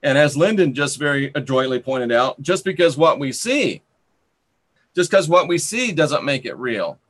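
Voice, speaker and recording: A man's voice: fairly high pitch, very animated, moderate pace. A man hosting a live stream, reading viewer comments aloud and sarcastically scolding and banning rude commenters. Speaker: channel host.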